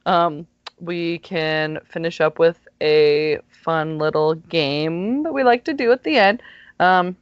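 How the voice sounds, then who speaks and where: A woman's voice: on the low side, slow pace, smooth, dry recording. A woman hosting a podcast in casual chat, laughing as she wraps up the episode. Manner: laughing, relaxed wrap-up. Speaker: podcast host. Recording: dry, muffled lo-fi recording.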